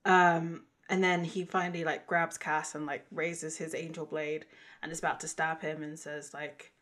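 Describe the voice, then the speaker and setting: A woman co-hosting a podcast, with a voice that sits a little low. She recaps an episode in a loose, chatty way, laughing often and quoting lines in playful voices. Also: level tone, moderate pace, a bit bright. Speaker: podcast co-host. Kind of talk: casual recap chat.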